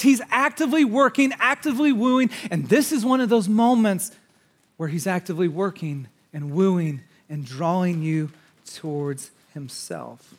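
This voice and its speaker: Male pastor, higher voice, sermon delivery with big swings from urgent to hushed. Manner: swings between urgent raised passages and hushed, quiet asides; conversational, with fillers and restarts.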